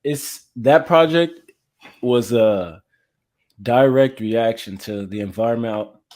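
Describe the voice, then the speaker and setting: A man from Florida, a music artist interviewed as a guest, telling his own story in a reflective, measured and candid way. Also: medium pitch, a little mellow.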